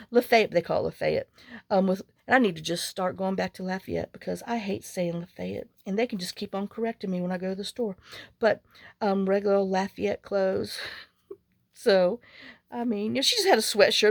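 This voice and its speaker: While putting together a journal, a female vlogger talks casually, rambling through anecdotes and murmuring to herself as she works. She has a medium pitch and moderate pace, and the studio-quality audio has no echo.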